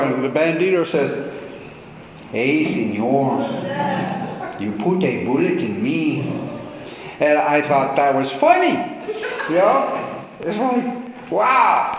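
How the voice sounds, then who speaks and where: Slow-talking man in an echoey hall. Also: on the high side. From Alaska. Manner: slow, reflective, with playful asides. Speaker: speaker at a gathering. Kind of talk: storytelling talk. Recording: echoey hall, long reverb, faint hum.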